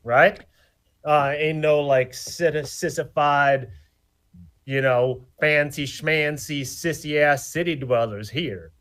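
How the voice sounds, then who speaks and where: A man's voice: fairly high pitch, a bit bright. Man doing a crude swaggering country man. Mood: brash. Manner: brash, swearing, drawn-out emphasis. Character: crude rough-talking country man dater. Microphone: video call.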